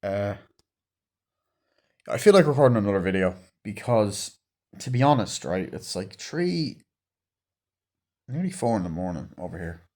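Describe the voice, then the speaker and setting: A man's voice: on the low side, very animated, unhurried, pauses often, a little mellow. A man in his twenties rambling in a casual vlog at home late at night, swearing often and drifting off on tangents. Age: 20s. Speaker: movie vlogger. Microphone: phone camera.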